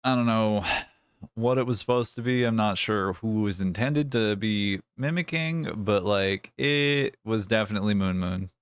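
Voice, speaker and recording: Male streamer, low voice, unhurried teasing banter with chat, dry close sound. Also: clean tone, no room sound. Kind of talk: casual live-stream chat while gaming.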